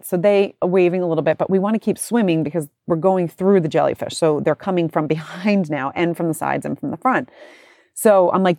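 A woman in her forties tells a story in a lowish voice, animated and chatty, slipping into other people's voices. The sound is close and dry, with no room around it. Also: fast, no room sound. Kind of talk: casual storytelling.

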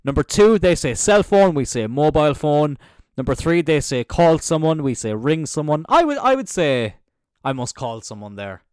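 Seated on a squeaky chair indoors, this podcast host from Cork, Ireland talks through a casual solo episode in a fairly high, very animated voice at normal speed. The young man's Cork Irish accent comes through a clean tone and dry studio recording. His style is chatty and rambling, with free swearing and thoughts left hanging.

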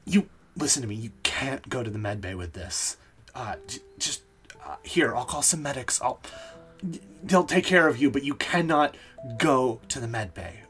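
A game master doing a hushed, urgent worried man. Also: medium pitch, animated, normal speed, faint music behind, natural voice. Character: worried, urgent man pulling someone aside.

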